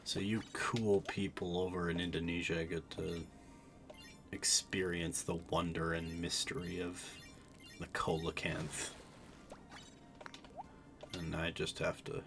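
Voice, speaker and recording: Low, slow-talking tired man. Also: bright, forceful tone. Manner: rambling, self-interrupting, chatty. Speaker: game streamer. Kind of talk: casual gaming stream chat.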